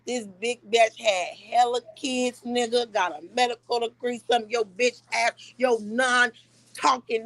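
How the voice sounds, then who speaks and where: A woman's voice: on the high side, dry recording. A woman live streamer ranting and taunting in brash, profane trash talk.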